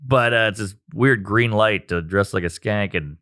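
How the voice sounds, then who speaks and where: A man, a stand-up comedian, telling a profane, animated story in casual chat. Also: fairly low pitch, moderate pace.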